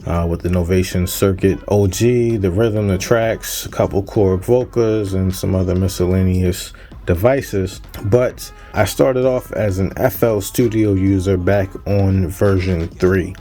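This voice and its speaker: A fairly low-voiced man in his thirties talks through a casual unboxing vlog. He sounds upbeat and conversational, with a producer's easy chatter. Faint music plays quietly underneath. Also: steady tone, unhurried. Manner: upbeat, chatty, plugs his channel and sponsor. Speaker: music producer and channel host.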